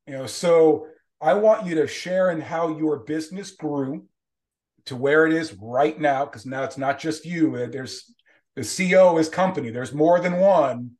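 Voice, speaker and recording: A man's voice: a little high, a little slow, darkish tone. A man hosting a casual interview, repeating words as he sets up his questions. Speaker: interview host.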